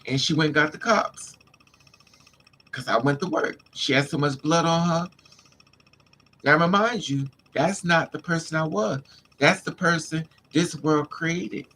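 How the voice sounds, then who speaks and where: Gravelly, emphatic streamer telling his story. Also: fairly high pitch, measured pace, sharp tone, a little hiss or hum. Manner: emphatic, street-casual, addresses listeners as honey and child. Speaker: livestream host. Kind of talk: candid personal storytelling.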